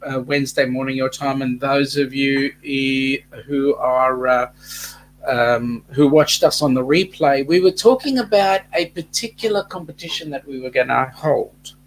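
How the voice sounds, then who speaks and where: A man with an Australian accent co-hosting a casual live stream, reading out viewer comments with many pauses and fillers. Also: mid-range voice, slight background noise. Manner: halting, many fillers, reads out the chat. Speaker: co-host of weekly live stream.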